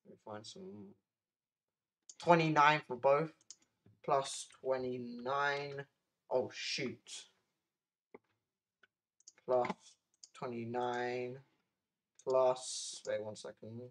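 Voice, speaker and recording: A man's voice: mid-range voice, very slow, pauses often, fairly bright tone, slight background noise, rough recording. A young man from the UK chatting casually on a live stream, rambling with restarts and sudden exclamations. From United Kingdom.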